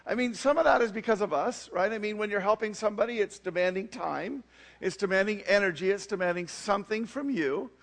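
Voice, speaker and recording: Male pastor with a high voice, chatty sermon delivery full of asides. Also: brisk, creaky, fairly bright tone. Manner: conversational, frequent "you know what I mean" asides.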